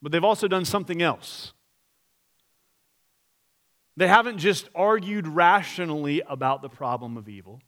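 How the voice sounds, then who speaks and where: A pastor with a slightly high, fairly bright voice preaches a sermon at a moderate pace with long pauses. He is earnest and direct, putting rhetorical questions to the congregation and reading scripture aloud.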